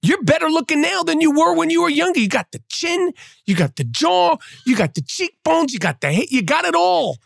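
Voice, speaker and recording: A man's voice: very high-pitched, sing-song, brisk, vocal fry, no room sound, clean studio sound. A male podcast host delivering a profane, mocking sports rant. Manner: profane, mocking, trash-talking.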